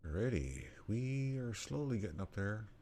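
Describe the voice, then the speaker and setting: Mellow low-voiced man bantering on a stream. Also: very animated, unhurried, a little hiss or hum. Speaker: co-player on a stream. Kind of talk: casual gaming stream chat.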